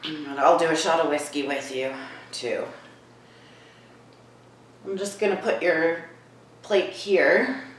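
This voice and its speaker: A woman vlogging in her home kitchen. She asks a spirit hushed questions and turns to viewers with excited asides. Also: low-pitched, takes it slowly, long pauses, roomy sound, a little hiss or hum, rough recording. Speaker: vlogger host. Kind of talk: casual paranormal vlog.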